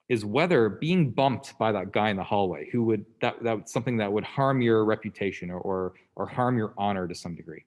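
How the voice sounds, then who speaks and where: Low-voiced man giving a conversational lecture. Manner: conversational, checks in with "okay?" and "right?"; acts out quoted people in passing. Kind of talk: classroom lecture.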